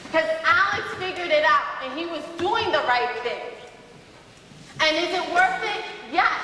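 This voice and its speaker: A woman giving an animated motivational talk to students in a school hall, telling a personal story directly to the audience. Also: high-pitched, slight background noise. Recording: echoey hall, voice from far off.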